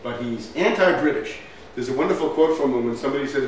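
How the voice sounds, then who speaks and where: A man's voice: medium pitch, fast talker. A man lecturing, emphatic and fond of rhetorical questions, recorded from far off in a strongly echoing hall. A faint room hum sits under his mid-range voice. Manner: emphatic, asks rhetorical questions, says "right?" often. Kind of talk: historical lecture with slides.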